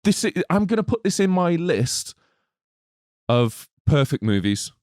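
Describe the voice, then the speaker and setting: Male podcast co-host, excitable and sweary, high lively voice, dry sound. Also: measured pace, no echo. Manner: excitable, swearing, acts out scenes. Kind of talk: casual movie review chat.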